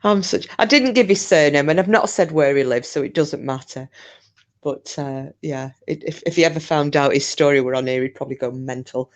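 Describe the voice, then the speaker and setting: A woman's voice: low-pitched, fairly quick. A woman, casually telling a ghost story in a chatty, rambling way, with swearing and restarts. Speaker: channel host.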